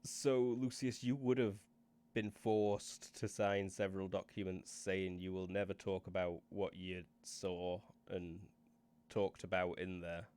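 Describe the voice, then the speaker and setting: A man's voice: low voice, steady tone, unhurried, darkish tone, clear, resonant tone. A man, running a tabletop game and casually recapping the story. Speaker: game master.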